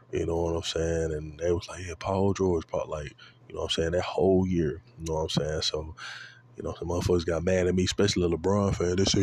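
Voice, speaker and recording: A man in his twenties talking casually about basketball, profane and rambling, often adding "you know what I'm saying" and breaking into high-pitched outbursts. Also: vocal fry, a little mellow. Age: 20s. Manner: bursts into high-pitched exclamations. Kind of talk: casual sports rant.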